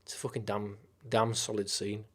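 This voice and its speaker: A man's voice: on the low side, flat delivery, moderate pace, fairly bright tone. A man streaming live, chatting casually about films, with lots of swearing and rambling enthusiasm.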